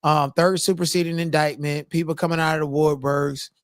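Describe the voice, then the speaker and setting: A man's voice: a little high, flat delivery, brisk, no echo, clean studio sound. A man co-hosting a casual chat, explaining points in detail and arguing his view. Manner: explanatory, argumentative, legal jargon. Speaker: co-host.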